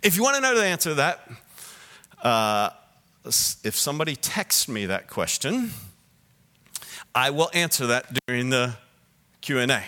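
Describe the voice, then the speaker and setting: Male pastor, sermon, lively pitch, bright forceful tone, talks to the crowd with questions. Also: moderate pace, pauses often. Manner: animated preaching, swinging between loud emphasis and soft low asides; asks the audience direct questions.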